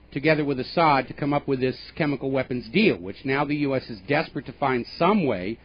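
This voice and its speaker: A male radio talk show host giving opinionated political commentary in an emphatic, pointed way, with scornful asides. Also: medium pitch. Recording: dull lo-fi radio broadcast.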